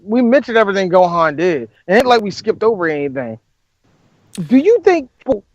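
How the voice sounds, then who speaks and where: A man's voice: on the high side, no echo, dull audio. A man co-hosting a podcast, riffing in profane, joking casual chat. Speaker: podcast co-host.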